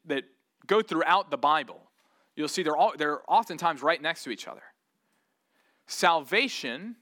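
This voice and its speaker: Bright-voiced man preaching a sermon. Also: fairly high pitch. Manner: earnest, rhetorical questions, emphatic rises; conversational, casual asides. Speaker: pastor.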